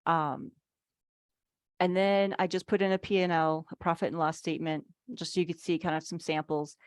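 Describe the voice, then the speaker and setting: A woman's voice: sits low, little pitch movement, moderate pace, no room sound, studio quality. A woman giving a casual online workshop on business finances, chatty, full of "like"s and playful acted asides, speaking over a video call.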